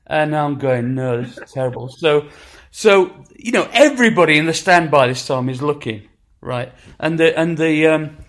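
A man in his sixties with a Sheffield accent, telling stories in a casual chat with lively acted-out quotes and frequent restarts. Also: fairly high pitch, measured pace. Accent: Sheffield English. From England. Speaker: musician guest.

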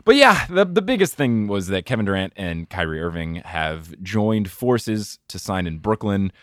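A man co-hosting a podcast, chatting casually about basketball with quick, rambling asides. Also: fairly low pitch, big pitch swings, fairly bright tone, dry recording, clean studio sound. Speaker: podcast co-host. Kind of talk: casual sports chat.

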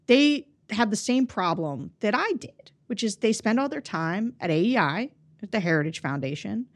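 A woman co-hosting a podcast in casual political chat, animated and quick, often cutting herself off mid-sentence. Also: medium pitch. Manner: animated, quick, self-interrupting. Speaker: podcast co-host.

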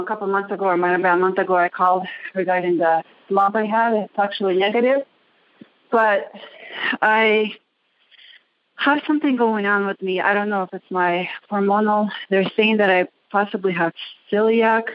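A woman's voice: mid-range voice, no echo, muffled recording. A woman calling in from a gym bathroom, out of breath and hesitant, searching for her words. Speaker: caller.

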